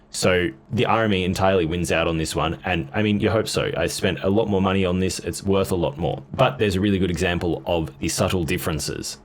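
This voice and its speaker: A man's voice: deep voice, a little hiss or hum. A man casually demoing and comparing guitar gear, blunt and offhand in his comments. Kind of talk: casual gear demo talk.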